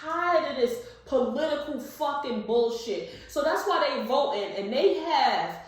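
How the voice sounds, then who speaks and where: A woman in her fifties co-hosting a podcast, talking loudly and bluntly with plenty of swearing in a casual political discussion. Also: high-pitched, lively intonation, unhurried. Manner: loud, blunt and profane. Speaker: podcast co-host. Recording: echoey room, distant mic.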